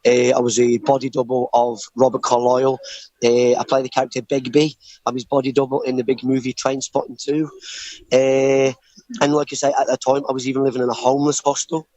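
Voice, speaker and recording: A young Scottish man, his accent softened by years in the English Midlands, speaks in a flat, level voice. He talks earnestly, leaning on "uh" and "like I say." The sound is dry and close. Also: medium pitch, brisk, dry recording, muffled recording. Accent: Scottish with some English Midlands mix. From Scotland. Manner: earnest, lots of "uh" and "like I say". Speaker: guest. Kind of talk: interview answering, telling his life story. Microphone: remote call.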